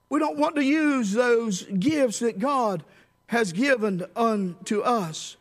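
A man preaching a sermon, telling a story and dropping low and quiet on key words, rising to shouts at the high points. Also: animated, slow pace. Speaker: pastor.

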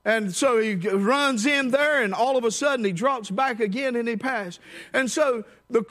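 A man preaching a sermon, telling a story and dropping low and quiet on key words, rising to shouts at the high points. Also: normal speed. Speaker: pastor.

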